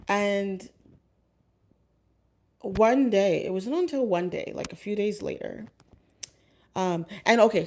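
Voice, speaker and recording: A woman's voice: mid-range voice, a little mellow, a little hiss or hum. Woman vlogging, casual storytelling, lots of likes and ums, chatting with viewers as she goes. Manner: rambling, many fillers and restarts.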